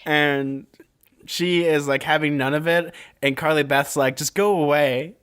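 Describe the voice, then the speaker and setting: A young man with a slightly high voice, chatting casually as a podcast co-host. He recaps a spooky children's book with jokey asides and playful gasps. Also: fairly even intonation, a little slow, a bit bright, clear, resonant tone. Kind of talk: casual chat retelling a book.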